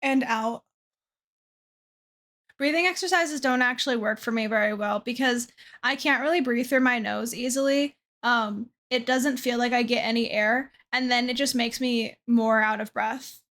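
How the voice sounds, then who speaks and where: A woman's voice: a little high, normal speed, fairly bright tone. A young woman streamer chatting casually to her chat from a dim room at her desk, self-deprecating and trailing off with fillers.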